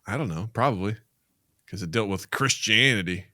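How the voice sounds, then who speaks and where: A man's voice: fairly low pitch, normal speed, bright, forceful tone, no echo, studio quality. A man co-hosting a podcast in casual chat, playfully quizzing his co-host with hints.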